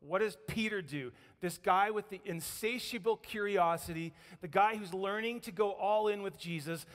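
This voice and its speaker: High-voiced animated pastor in a reverberant church. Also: male voice, normal speed. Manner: animated storytelling preaching, acting out quotes. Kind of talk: sermon. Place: church sanctuary.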